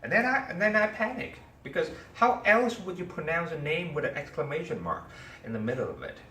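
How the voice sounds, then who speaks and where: A man's voice: a little high, fairly quick. A man teaching a class, telling a story and asking his students questions. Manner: animated, asks the class questions. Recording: echoey room, mic far off, faint ambience.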